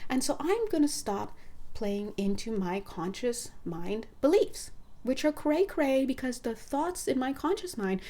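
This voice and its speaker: A woman speaking as an intuitive counselor in a casual spiritual monologue, animated and laughing often as she acts out conversations. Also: high-pitched, measured pace.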